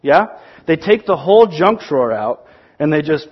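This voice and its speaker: A man preaching a sermon, telling stories in an animated way and acting out the quotes. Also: a little high, normal speed, highs cut off, background noise. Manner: animated storytelling, acts out quotes. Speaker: pastor.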